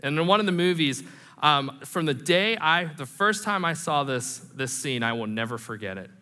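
A man delivers an animated, conversational sermon to his congregation, slipping in self-deprecating humor. His voice sits a bit high and rings bright and forceful. The sound carries a long reverb from a church hall. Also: normal speed. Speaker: pastor.

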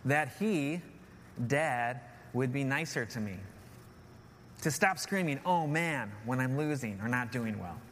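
A man's voice: mid-range voice, lively intonation, measured pace, fairly bright tone. Preacher, male, thirties: earnest, drives points home with repetition, hall reverb, light hiss. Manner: earnest, repeats key phrases with "right?". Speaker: pastor. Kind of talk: sermon. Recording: long hall reverb, faint noise.

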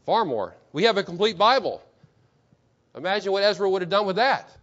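A man's voice: sits high, big pitch swings, fairly bright tone. Man preaching, dull lo-fi recording. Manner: asks the congregation many rhetorical questions; reads quotations slowly with emphasis. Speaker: pastor. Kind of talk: sermon.

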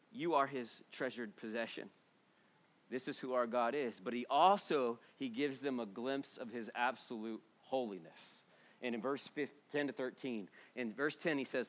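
A man in his thirties preaching a sermon in a conversational, emphatic way, dropping to hushed tones and then rising to loud declarations. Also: a little high. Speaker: pastor.

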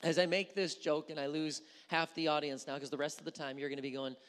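A pastor preaching a sermon, telling the story with animated delivery, acting out the quotes and often repeating words while thinking aloud. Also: mid-range voice, quick pace. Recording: long hall reverb.

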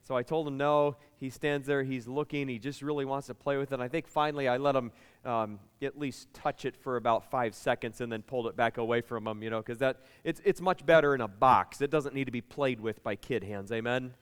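Chatty pastor with a clear, resonant voice. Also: male voice, medium pitch, brisk, big-room sound. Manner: lively, chatty storytelling with the congregation. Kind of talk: sermon with personal stories.

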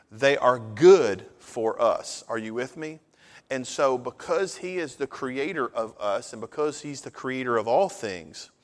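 A man's voice: mid-range voice, fairly bright tone. A man preaching a sermon to his congregation, folksy and conversational, telling jokes and asking if they are with him. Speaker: pastor. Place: church worship hall. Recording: reverberant hall.

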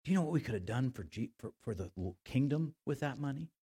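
A man voicing grumbling male disciples who mutter to each other, hushed and conspiratorial, in a sermon. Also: mid-range voice, lively intonation, fast talker, slightly rough.

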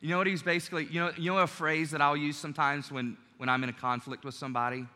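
A man's voice: a little high, little pitch movement, quick pace, bright, forceful tone, long reverb tail. A man preaching a sermon in a conversational way, acting out quoted lines as he goes. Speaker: pastor.

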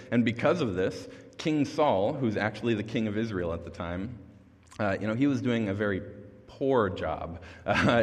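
A young man giving a casual youth sermon as a youth pastor, chatty and self-deprecating, chuckling between thoughts. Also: on the low side. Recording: long reverb of a large hall.

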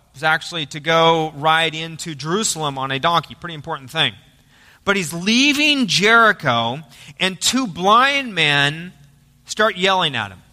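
A man pastor preaching a sermon, emphatic, with loud dramatic quotes. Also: high-pitched. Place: church sanctuary. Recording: church hall reverb.

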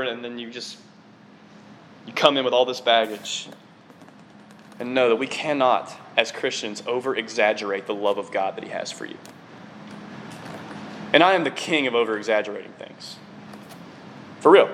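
A man preaching a sermon to his congregation in an excitable, conversational way, often dropping in casual fillers. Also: mid-range voice, normal speed, pauses often, slight background noise. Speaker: preacher on staff.

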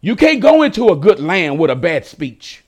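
A man's voice: high-pitched, big pitch swings, moderate pace. A male pastor preaching a sermon to a streamed congregation, using call-and-response phrases and drawing out emphatic words.

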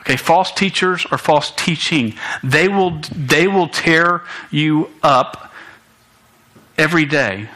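Bright-voiced young man preaching to youth. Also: on the high side, takes it slowly, poor audio. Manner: animated, many restarts and stammers, jokey asides. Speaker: youth pastor. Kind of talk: sermon. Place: church.

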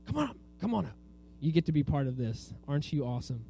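A man's voice: a little high, sing-song, quick pace, gravelly, dark tone, faint music behind. A man teaching a children's Bible lesson, telling the story with energy and asking the kids to repeat words after him. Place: room with a group of children.

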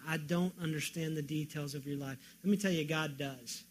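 A man preaching a sermon as pastor, moving from loud pleading questions to quiet, earnest emphasis. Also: fairly high pitch, steady tone, normal speed, slight background noise.

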